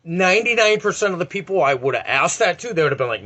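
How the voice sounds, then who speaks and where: A man's voice: high-pitched, fast. A man in his forties giving a blunt, profane motivational talk in a vlog. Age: 40s. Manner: blunt and profane, animated, heavy swearing. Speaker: eBay reseller.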